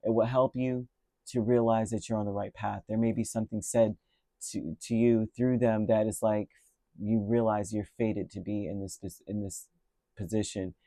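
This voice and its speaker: A man's voice: lowish voice, flat delivery, normal speed, mellow, dry recording. A middle-aged man giving a casual, rambling tarot reading and telling a story along the way, with many restarts. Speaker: tarot reader.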